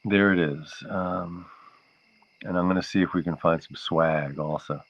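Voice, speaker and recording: A man hosts a livestream from home near an outdoor porch, chatting casually with viewers and drifting from one aside to the next, easily sidetracked. His low, steady voice is a little slow, captured on a laptop mic with dull lo-fi sound.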